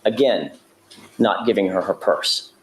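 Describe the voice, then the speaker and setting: A man giving a courtroom opening statement as a prosecutor, laying out events in a measured, methodical way with an occasional self-correction. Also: low voice, slight background noise.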